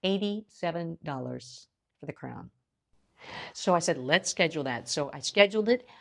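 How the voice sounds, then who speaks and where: Woman, fifties, from the US, lowish voice, chatty, casual storytelling to camera, acts out dialogue. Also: animated, moderate pace, gravelly. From United States. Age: 50s. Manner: chatty, acts out both sides of conversations. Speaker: lifestyle vlogger. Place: India.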